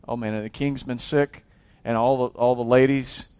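A man preaching a sermon as a pastor, swinging from loud exhortation to hushed intensity, often restarting and repeating his words. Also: medium pitch, fairly even intonation, moderate pace, smooth.

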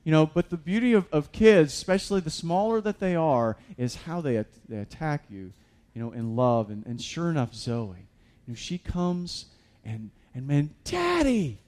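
A man's voice: fairly high pitch, normal speed, few pauses, a little mellow. A man preaching a sermon as a pastor, conversational with many fillers and restarts, building to emphatic peaks.

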